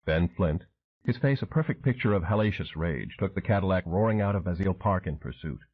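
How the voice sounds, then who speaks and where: A man's voice: deep voice, animated, a little fast, husky. A man narrating an audiobook thriller with dramatic storytelling. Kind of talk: scripted narration. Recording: tinny phone-like audio.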